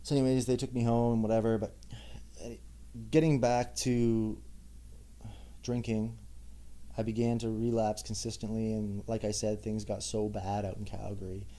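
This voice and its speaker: A young man hosts his own podcast, talking alone in a candid, self-mocking monologue. His voice sits low, with a mellow, dark tone. He breaks off into wry asides as he goes. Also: flat delivery, moderate pace. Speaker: podcast host. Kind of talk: personal monologue.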